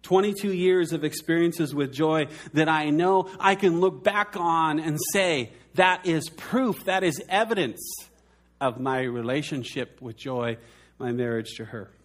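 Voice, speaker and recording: A man in his forties, a pastor preaching a sermon in an earnest way, slowing down and dropping his voice soft for emphasis. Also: fairly high pitch.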